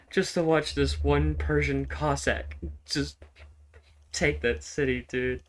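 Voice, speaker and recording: Excitable man commenting on his game. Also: fairly high pitch, slow pace. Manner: swearing, repeats phrases, laughs often, excitable. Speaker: gaming streamer. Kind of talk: casual gameplay commentary.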